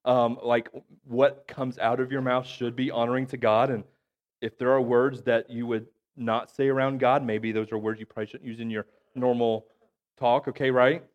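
A man's voice: medium pitch, level tone, moderate pace, lo-fi sound. A man in his thirties with a cough, preaching a conversational sermon as a pastor and checking in with the congregation after nearly every point. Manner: chatty, keeps checking in with "okay?" and "right?". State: has a cough.

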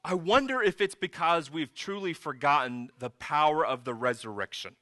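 Male pastor, sermon delivery, light high voice, chatty then emphatic, dry close sound. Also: normal speed, no echo. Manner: conversational, animated storytelling with sudden emphatic rises.

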